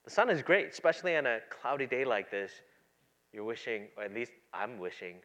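A pastor preaching a sermon, moving between quiet, low asides and loud, emphatic passages. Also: male voice, moderate pace.

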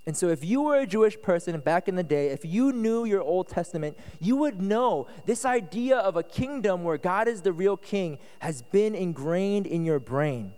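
A man preaching a casual, conversational sermon as pastor at a retreat, relaxed and chatty, often checking that listeners follow. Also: sits high, normal speed, few pauses, smooth. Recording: echoey hall reverb.

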